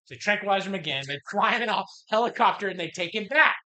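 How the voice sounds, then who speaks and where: A man co-hosting a podcast, telling a story in casual chat and acting out the quotes with big swings in voice. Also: fast talker. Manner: animated, acts out quotes with big jumps in pitch and loudness. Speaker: podcast co-host. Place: bar or lounge.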